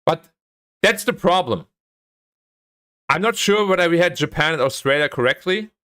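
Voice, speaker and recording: A young man talks to his stream in a casual, rambling way. His voice sits somewhat high and climbs sharply when he gets worked up, with plenty of swearing. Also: moderate pace, smooth. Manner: animated ranting, swears, voice jumps up when annoyed. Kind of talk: casual chat.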